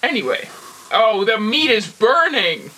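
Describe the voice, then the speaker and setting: A co-host of a mock cooking show, talking in a bossy, deadpan, contrary way in improvised comedy banter. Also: mid-range voice, unhurried, low-quality recording.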